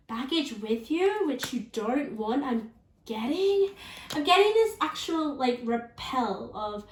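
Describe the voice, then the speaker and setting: A woman's voice: a little high, far from the mic. A woman giving a casual pick-a-card tarot reading, chatty and often checking in with "okay?" and "all right?". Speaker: tarot reader. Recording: echoey room, voice off mic.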